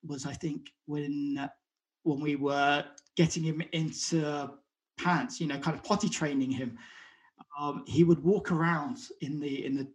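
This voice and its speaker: A man's voice: on the high side, fairly even intonation. A man, a guest talking openly in an interview, often repeating and restarting words and acting out what others said. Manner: halting, repeats words, acts out quotes. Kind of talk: conversational interview.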